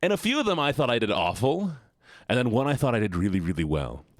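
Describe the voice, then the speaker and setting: A man's voice: mid-range voice, big pitch swings, fast talker, dry recording, studio quality. A young man streaming, chatting casually with viewers in a rambling way, repeating words and laughing often.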